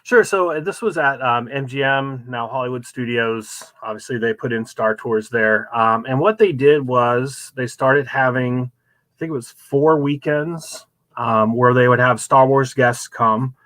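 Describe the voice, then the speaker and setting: A man as a guest on a show, telling rambling, animated stories full of ums and uhs. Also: mid-range voice, a little slow, no room sound. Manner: rambling, many fillers, animated storytelling. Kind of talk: casual chat, anecdotes.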